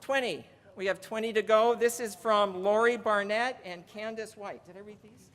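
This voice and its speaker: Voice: mid-range voice, steady tone, moderate pace, fairly bright tone. A union legislative presenter giving a chatty conference speech, reading out donor names and counting down. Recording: long reverb of a large hall.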